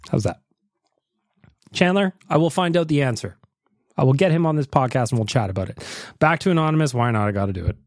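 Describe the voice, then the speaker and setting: A man's voice: mid-range voice, darkish tone. A man hosting a casual podcast, reading out voicemails with jokey radio-host patter. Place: podcast studio.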